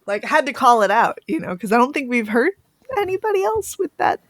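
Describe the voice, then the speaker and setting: A woman's voice: high voice, very animated, a little fast, no room sound. A woman chatting casually in a group, laughing as she goes, with lots of loose filler words.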